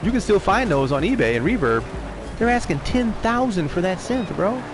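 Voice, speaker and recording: A man streaming live, rambling in casual chat, excitable and profane. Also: high-pitched, normal speed. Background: music playing.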